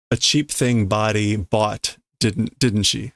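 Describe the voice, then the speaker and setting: A man with a low, gravelly voice reads through a manga at an easy, slow pace. He sounds out Japanese phrases, then unpacks them in casual English with amused chuckles, close and dry on the mic. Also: fairly even intonation, fairly bright tone, no echo. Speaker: live streamer translating manga. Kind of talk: casual live-stream reading and translating aloud.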